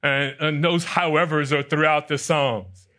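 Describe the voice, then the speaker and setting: A man's voice: fairly high pitch, steady tone, a little slow, sharp tone. A man preaching a sermon, asking his listeners questions and reading scripture aloud. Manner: asks the congregation questions and reads scripture aloud. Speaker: pastor.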